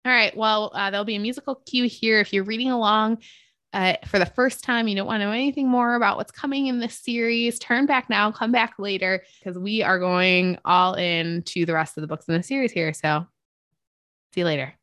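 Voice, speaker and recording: A woman co-hosting a casual book discussion, talking in a gushing, excitable way with many fillers. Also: mid-range voice, brisk, dry recording, clean studio sound. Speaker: book podcast co-host.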